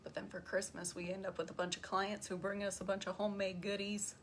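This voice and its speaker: A woman in mid-range pitch chats breezily as co-host of a live stream, laughing easily between remarks. A faint hiss sits under her voice. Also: little pitch movement, fast. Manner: bubbly small talk, laughs easily. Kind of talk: casual chat on a live stream.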